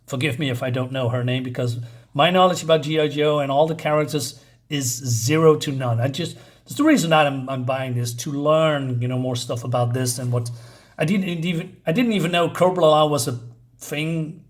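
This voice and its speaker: Man, comic reviewer, somewhat high voice, hesitant, casual chat. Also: normal speed. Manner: rambling, hesitant, many fillers and restarts.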